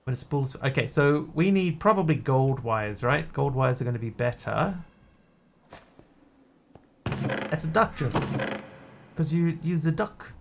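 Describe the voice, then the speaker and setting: A man's voice: medium pitch, expressive, measured pace, creaky, pauses often, slight background noise. A man streaming a building game, chatting casually and joking as he reads chat aloud.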